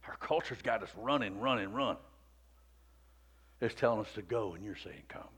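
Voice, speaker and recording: A male pastor preaching a sermon in a repetitive cadence, rising to shouts and dropping to near-whispers. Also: lowish voice, moderate pace, husky.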